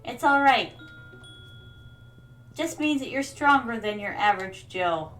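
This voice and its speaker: A woman's voice: a little high, animated, unhurried, a bit bright, faint music behind. A woman streaming a game, chatting casually and telling stories to viewers she calls her darlings. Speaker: VTuber streamer.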